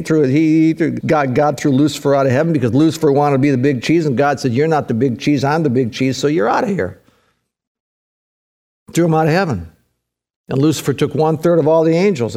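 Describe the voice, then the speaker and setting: A man's voice: on the high side, darkish tone. A middle-aged male pastor preaching a sermon, emphatic, with his voice swinging up and down for emphasis.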